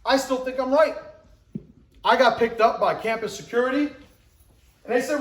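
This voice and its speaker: Emphatic high-voiced man in his forties. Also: moderate pace, reverberant, rough recording. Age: 40s. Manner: emphatic, acts out scenes with rising pitch and shouts. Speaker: motivational speaker. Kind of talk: motivational talk to an audience.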